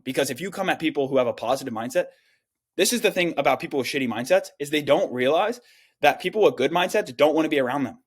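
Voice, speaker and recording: A young man rattles off blunt, profane business advice at a rapid clip. He leans on slang and fillers and keeps dropping into quick mock voices of the people he describes. His voice sits at an ordinary middle pitch. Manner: acts out other people's lines in quick quoted voices. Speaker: online business coach. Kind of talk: casual advice monologue.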